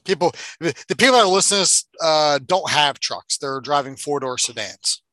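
A man's voice: fairly high pitch, lively intonation, normal speed, pushed and bright, dry recording. A man co-hosting a casual movie-review podcast, swearing freely and mocking the film with sarcasm. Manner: profane, sarcastic, acts out movie lines. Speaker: podcast co-host.

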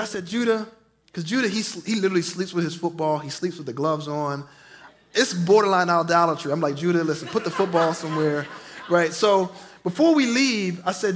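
A high, bright man preaching in church. He tells stories animatedly and rises from quiet asides to loud calls. His delivery is lively and forceful. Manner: animated storytelling preacher, swings from loud to hushed. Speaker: pastor. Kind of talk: sermon.

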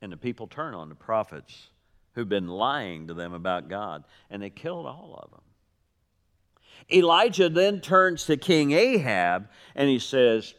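A male pastor preaches to his congregation, swinging his pitch up and down as he acts out the quoted lines. He mixes in wry asides and jokes. His voice carries a long reverb from the sanctuary. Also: unhurried. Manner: animated storytelling with quoted voices and dry jokes. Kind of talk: sermon. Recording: reverberant hall.

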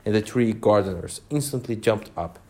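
A man's voice: on the low side, mellow. A man reading a storybook aloud to children, stumbling now and then and adding asides. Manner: slow, stumbles and adds asides. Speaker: reader to children.

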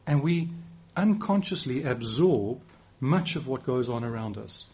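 South african guy in his 40s preaching, kinda husky voice, chatty and easygoing. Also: medium pitch, expressive, measured pace, a little mellow. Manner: conversational, self-deprecating, with frequent restarts. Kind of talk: sermon.

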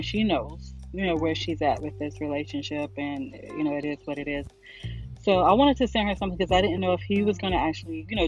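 A middle-aged woman hosting a podcast, talking in a casual, rambling monologue that is emotional and often broken by laughter. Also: on the low side. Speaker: podcast host. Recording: dull lo-fi recording, faint music.

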